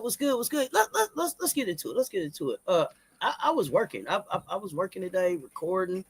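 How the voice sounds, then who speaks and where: A man co-hosting a live-stream sports talk show, hyped and repetitive, shouting out the chat and stumbling through restarts. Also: high-pitched, big pitch swings, fast, creaky, slightly rough.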